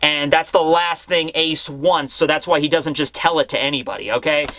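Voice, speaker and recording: Animated young man reviewing manga. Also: on the high side, moderate pace, a little hiss or hum. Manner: animated, acting out scenes. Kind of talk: casual review chat.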